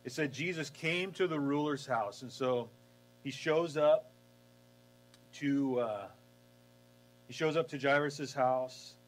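A man preaching a casual, lively sermon, acting out the story and laughing along. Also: mid-range voice, slow pace, pauses often, low-quality recording. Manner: animated storytelling, acts out voices, laughs. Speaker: pastor.

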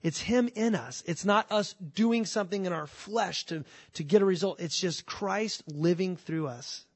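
A man preaching a sermon in a conversational, animated way, with restarts and asides. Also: sits high, unhurried, slightly rough, dry recording. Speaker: pastor.

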